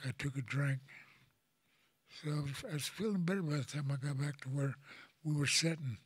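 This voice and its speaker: An older man from Oklahoma tells a personal story to an audience in a halting, plain-spoken way, often repeating words as he goes. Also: a little high, husky, dry recording. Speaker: elder speaker.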